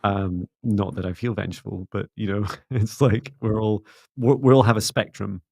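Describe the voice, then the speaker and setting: A middle-aged man hosting a spiritual livestream, talking in a soft, gently meditative way. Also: lowish voice, steady tone, normal speed, creaky, breathy edge, no room sound, clean studio sound. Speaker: psychic mentor and livestream host. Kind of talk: casual livestream chat and guided closing.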